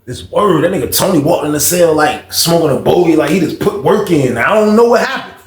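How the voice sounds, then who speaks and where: A man casually telling a story in an animated, profane, slang-heavy way. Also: a little high, fairly quick. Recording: roomy echo.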